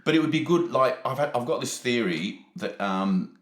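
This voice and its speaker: A man's voice: mid-range voice, expressive, normal speed, reverberant. A man co-hosting a comedy podcast, riffing playfully. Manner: playful, riffing, mock-formal. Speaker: podcast co-host. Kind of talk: comedic banter.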